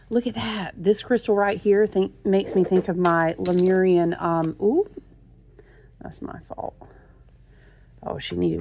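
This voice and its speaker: A woman's voice: lowish voice, gravelly, darkish tone. A woman tarot reader in a gushing, chatty talk to her viewers, often calling them y'all. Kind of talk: casual chat.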